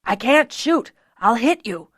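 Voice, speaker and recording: A woman voicing an archer who calls out warnings in a forceful, commanding manner. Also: on the high side, animated, normal speed, no room sound, studio quality, voice pushed up. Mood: urgent.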